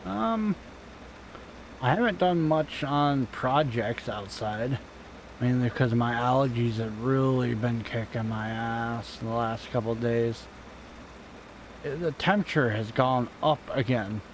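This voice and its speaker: A man's voice: mid-range voice, measured pace, slight background noise, poor audio. Rambling casual gamer man. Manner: rambling, offhand and self-deprecating, swears casually. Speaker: gaming channel host. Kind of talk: casual gameplay commentary. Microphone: desk microphone at home.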